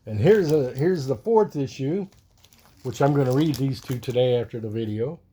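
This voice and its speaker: A man's voice: mid-range voice, lively intonation, normal speed, warm tone, breathy edge. A man casually chatting on his comics vlog, rambling as he shows off his drawings and a package of comics. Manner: rambling, chuckling, reads cartoon captions in silly voices. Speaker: comic collector vlogger. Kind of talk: casual chat showing artwork and comics.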